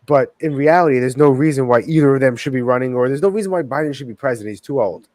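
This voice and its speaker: A man co-hosting a podcast in casual chat, halting and groping for words. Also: mid-range voice, darkish tone, no echo. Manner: halting, loses his words. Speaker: podcast co-host.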